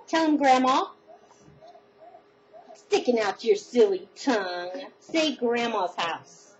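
A woman's voice: on the high side, lively intonation, takes it slowly. An older woman, a grandmother at home, coaxing her little grandchildren to talk for a casual home video in a sing-song way. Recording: dull lo-fi home video with noise.

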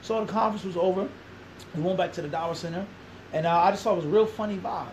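A man telling a long story as an interview guest, animated, acting out quoted dialogue and throwing in rhetorical questions. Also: high-pitched, fast, slight background noise, low-quality recording.

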